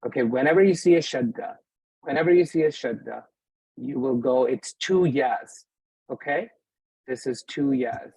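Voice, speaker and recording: A patient Arabic teacher runs a live class for beginners in a mosque classroom and checks often that they're following. He speaks at normal speed in a mid-range, darkish, husky voice, and the audio is dry and poor.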